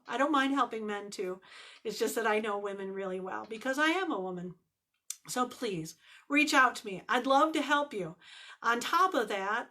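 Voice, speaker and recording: A woman life coach speaks to her viewers in a bright, somewhat high voice. She is earnest and emphatic, stacking short repeated phrases to drive her point home. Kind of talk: direct-to-camera vlog talk.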